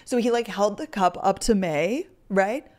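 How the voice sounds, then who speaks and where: A woman's voice: mid-range voice, measured pace, darkish tone. A young woman hosting a podcast, chatting casually into a microphone and telling stories with lots of "like" fillers. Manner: chatty storyteller, heavy use of "like". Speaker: podcast host. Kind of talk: casual chat.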